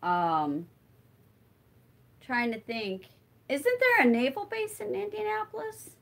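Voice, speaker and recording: Middle-aged lady rambling thru a live craft stream, kinda high voice, takes her time. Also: very animated, takes it slowly, creaky, a bit bright. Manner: chatty and rambling, thinks aloud with many fillers. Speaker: livestream host. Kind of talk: casual live chat answering viewer comments while crafting.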